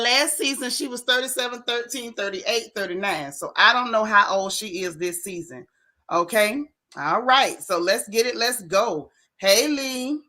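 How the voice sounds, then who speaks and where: A woman hosting a casual livestream, greeting viewers by name in a playful, animated way. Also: medium pitch. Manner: playful, animated, Southern-leaning slang. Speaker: livestream host. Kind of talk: casual live chat.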